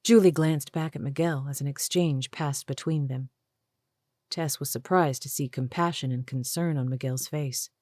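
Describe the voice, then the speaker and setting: Low-voiced woman narrating an audiobook. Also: dry recording, studio quality. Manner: measured, even storytelling. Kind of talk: scripted narration.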